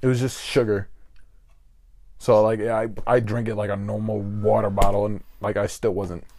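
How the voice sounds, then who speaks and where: A man's voice: on the low side, flat delivery, normal speed, darkish tone, slight background noise. A young adult man co-hosting a casual podcast, laid-back, laughing often and answering with short slangy replies. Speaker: podcast co-host. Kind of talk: casual chat.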